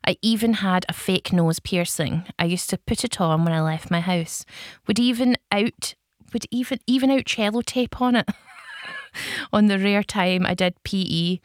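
A woman's voice: mid-range voice, normal speed, no echo, studio quality. A woman co-hosting a casual chat, telling self-deprecating stories with frequent laughter. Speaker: podcast co-host.

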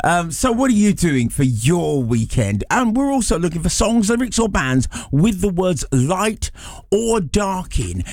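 Lively, high-pitched male radio co-host. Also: a little slow, no room sound, clean studio sound. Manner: jokey, animated, teasing. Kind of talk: playful breakfast radio chat. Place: radio studio. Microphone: studio mic.

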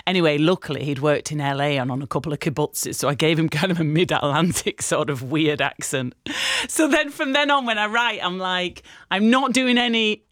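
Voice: medium pitch, animated, fairly quick, a bit bright, no room sound, clean studio sound. A radio presenter in casual on-air chat, laughing at their own stories and drifting off on tangents. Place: radio studio.

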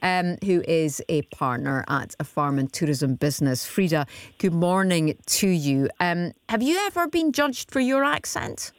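A woman's voice: fairly low pitch, lively intonation, measured pace, no room sound. A woman hosting a live radio phone-in, chatty and encouraging with callers. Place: radio studio.

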